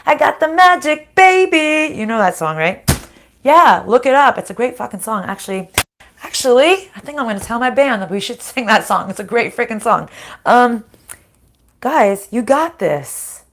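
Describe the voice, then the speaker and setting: A woman's voice: fairly high pitch, animated, normal speed, a bit bright. Scratchy-voiced woman doing a card reading. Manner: casual and chatty, with frequent laughter and swearing. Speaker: card reader. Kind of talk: live-streamed spiritual card reading.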